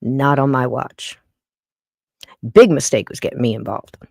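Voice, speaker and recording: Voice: medium pitch, a little slow, creaky, darkish tone, dry recording, clean studio sound. A podcast host talking to a live-stream chat in a blunt, emphatic way, repeating points for weight.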